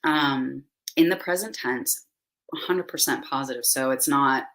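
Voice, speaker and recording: A woman's voice: very deep voice, normal speed, fairly bright tone, rough recording. A woman hosting a spiritual ceremony, talking in a loose, effusive, rambling way full of "like" and "right?", recorded on a computer microphone indoors. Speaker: spiritual host leading a meditation ceremony. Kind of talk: casual spiritual guidance talk.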